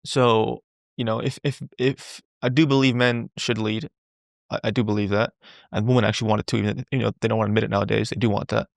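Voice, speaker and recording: Gravelly-voiced man musing candidly. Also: on the low side, little pitch movement, quick pace, dry recording, studio quality. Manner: rambling, repeats words, swears casually. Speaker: podcast guest. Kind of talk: candid conversational interview.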